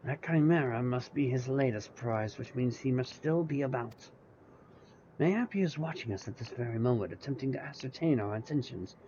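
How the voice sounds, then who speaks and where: A man voicing a pompous, bumbling gentleman inspector with grandiose, old-fashioned speech, reading game dialogue aloud. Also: mid-range voice, lively intonation, normal speed, muffled recording, a little hiss or hum, natural voice. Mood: earnest.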